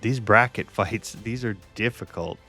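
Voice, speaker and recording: A man's voice: lowish voice, unhurried, bright, forceful tone, soft background music. A man hosting a casual video, thinking aloud in a chatty, hesitant way. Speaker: video host. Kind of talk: casual chat.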